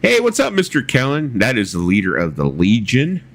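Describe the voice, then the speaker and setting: A man's voice: medium pitch, huge pitch swings, moderate pace, slight background noise. A man hosting a casual livestream chat, telling rambling stories and reading viewer comments aloud, swearing freely. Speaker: livestream host.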